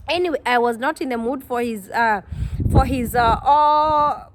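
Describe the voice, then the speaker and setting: A woman, a vlogger telling a personal story to her viewers, animated and exclaiming, quoting people in dialogue. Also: a little high, unhurried, background noise. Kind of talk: storytime vlog.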